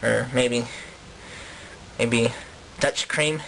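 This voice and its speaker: A man's voice: medium pitch, steady tone, extremely slow, vocal fry, a bit bright, a little hiss or hum, voice pushed down, full character voice, poor audio. A man voicing a regretful Dutch colonist who whines about losing the colony in a comedy sketch. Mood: musing.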